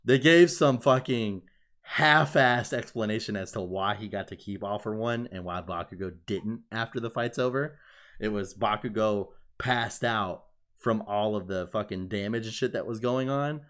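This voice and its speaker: Low-voiced man in casual, swearing podcast chat. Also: normal speed. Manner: excited, swears freely, many "like" fillers. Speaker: podcast co-host.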